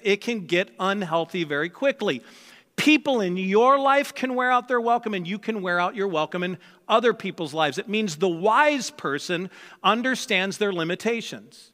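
A man's voice: high-pitched, sharp tone, in a large hall. A man preaching a sermon as pastor, speaking in a conversational way and often acting out both sides of a conversation. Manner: conversational, acts out quoted dialogue.

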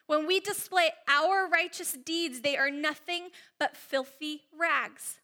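Brief: woman preacher, high bright voice, expressive, has the room repeat lines after her. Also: slow, hardly any pauses. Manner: expressive, leads the congregation in call-and-response. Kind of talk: sermon.

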